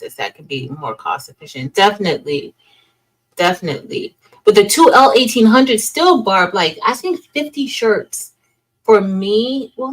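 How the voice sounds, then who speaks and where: A woman's voice: on the low side, a bit bright, low-quality recording. A young woman hosting a casual craft livestream, chatting loosely, trailing off and restarting sentences as she greets viewers by name.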